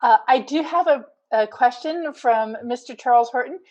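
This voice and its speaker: A woman's voice: on the high side, normal speed, darkish tone, lo-fi sound. A woman hosting a video call Q&A, chatty and a little flustered. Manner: chatty, laughs easily, flustered. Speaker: event host and moderator.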